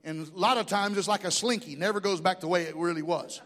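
A man's voice: high-pitched, fast, a bit bright. A middle-aged man pastor preaching a sermon in a church, impassioned, with call-and-response asides. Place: church sanctuary. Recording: long hall reverb.

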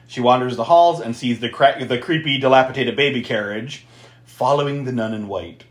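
A man co-hosting a podcast, recapping a horror movie in a casual, animated way and laughing often. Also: moderate pace, echoey room. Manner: animated, laughing, swearing recap with big pitch jumps. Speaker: podcast co-host.

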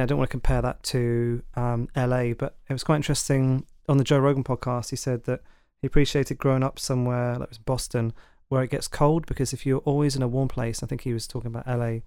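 A man's voice: medium pitch, little pitch movement, fairly quick, darkish tone, smooth, no echo, clean studio sound. A man with a London accent hosting a podcast, talking casually and chattily with fillers and asides. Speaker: podcast host. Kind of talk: casual monologue.

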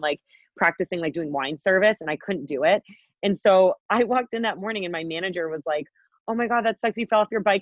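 A woman's voice: on the low side, dry recording. A young woman in her twenties, a podcast co-host, telling a story in casual chat, rambling and swearing with lots of fillers. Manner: rambling, profane, peppered with "like". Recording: dull, dry podcast audio.

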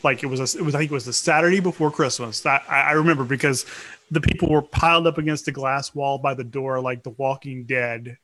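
A man from South Louisiana, a podcast co-host, telling animated, profane stories in casual chat with frequent restarts. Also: mid-range voice, fast.

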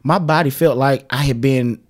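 A man, a pastor, telling lively stories in casual conversation and laughing often. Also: mid-range voice, normal speed. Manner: animated storytelling, laughs often.

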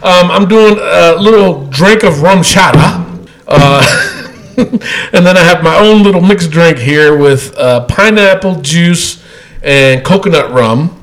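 A man's voice: a little high, slow, fairly bright tone, rough recording. A man hosting a casual wrestling podcast, rambling loosely with lots of fillers and laughter. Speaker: podcast host.

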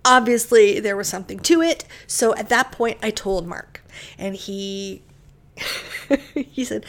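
Middle-aged female podcast host, candid storyteller, slightly higher voice, expressive with whispered asides. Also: a little slow. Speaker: podcast host and bookshop owner. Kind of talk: personal storytelling monologue.

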